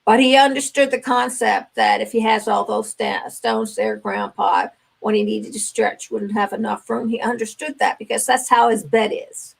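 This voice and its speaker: Gravelly older grandmother telling stories. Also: on the high side, fairly even intonation, moderate pace, few pauses, rough recording. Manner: earnest storytelling, acts out dialogue. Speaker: grandmother guest. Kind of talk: conversational talk radio guest.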